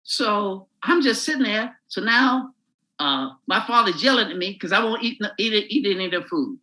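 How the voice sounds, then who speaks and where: A man, a comedian, telling a crude, animated story while chatting as a podcast guest. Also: sits high, moderate pace, rough recording.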